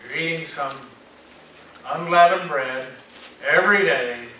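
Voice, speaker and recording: A man preaches a sermon at a slow, measured pace, stressing key words and sometimes repeating himself. His voice is bright and slightly high. It sounds far from the mic, in a strongly echoing church hall. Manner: slow, deliberate delivery with emphatic rises and repeated words. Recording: echoey hall, speaker far from mic, faint hiss.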